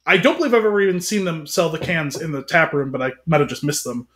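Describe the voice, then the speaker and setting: A man co-hosting a relaxed podcast chat, cracking jokes and rambling with playful wordplay. His voice sits notably high for a man. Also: quick pace. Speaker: podcast co-host.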